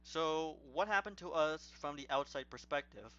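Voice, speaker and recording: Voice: medium pitch, moderate pace, crowd noise. A player in a tabletop game who speaks in a hesitant, rambling way. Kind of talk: casual role-play. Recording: dull lo-fi mic with faint hum.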